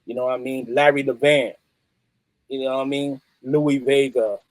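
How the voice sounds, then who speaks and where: A middle-aged man, a musician guest telling stories in a streetwise, animated way. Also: mid-range voice, moderate pace, dry recording, low-quality recording. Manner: animated, streetwise, peppered with "you know what I mean". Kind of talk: casual interview storytelling.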